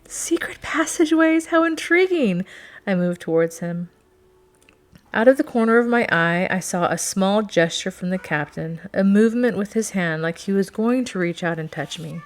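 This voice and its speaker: A woman narrating a first-person romance novel in a steady, expressive reading. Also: on the low side, normal speed. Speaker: audiobook narrator.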